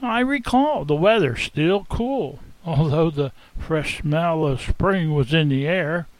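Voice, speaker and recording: A man telling a first-person dramatic monologue as an innkeeper, theatrical and expressive, savoring the tale. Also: fairly high pitch, no room sound, low-quality recording. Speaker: storyteller.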